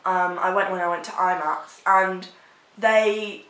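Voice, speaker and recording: A woman's voice: lowish voice, fairly even intonation, measured pace, a bit bright, reverberant, poor audio. A young woman chatting casually as a vlogger, rambling and enthusiastic as she answers questions. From England.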